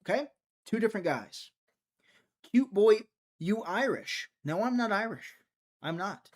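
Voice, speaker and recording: A man's voice: high-pitched, animated, unhurried. A young man from Mississippi, rambling and joking as he hosts a casual live stream and answers chat. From Mississippi, USA. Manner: rambling, jokey, reads and answers chat aloud.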